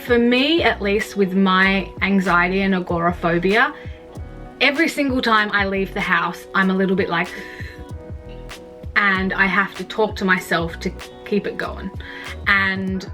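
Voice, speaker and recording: A woman's voice: mid-range voice, a little slow, sharp tone, soft background music. A young woman talking candidly in a casual vlog, rambling with lots of "like" and some swearing. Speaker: vlogger. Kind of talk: candid personal vlog about mental health.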